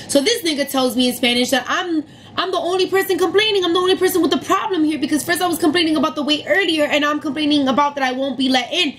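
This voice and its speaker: Young woman, high voice, casual storytime rant, profane and heated, light room hum. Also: fast, low-quality recording. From New York City area. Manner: profane, heated, animated retelling. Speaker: vlogger telling a story.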